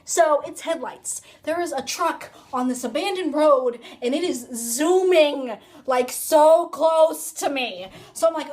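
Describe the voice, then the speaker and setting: High-voiced young woman rambling storytime. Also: animated, unhurried, hardly any pauses, a little mellow. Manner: chatty, rambling, filler-heavy "like". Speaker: vlogger. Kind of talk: casual storytime. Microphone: phone.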